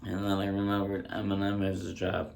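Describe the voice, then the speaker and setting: Casting: man, low monotone delivery, rambling deadpan stand-up at home, faint noise in the room. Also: fairly quick, vocal fry. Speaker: stand-up comedian. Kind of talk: casual ASMR stand-up bit. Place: indoors at home. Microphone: handheld mic close up.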